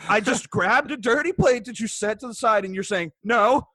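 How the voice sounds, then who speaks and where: A man co-hosting a podcast, telling a story in an animated, profane, ranting way into a close mic. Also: high voice, a little fast, dry recording. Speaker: podcast co-host. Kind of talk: casual storytelling chat.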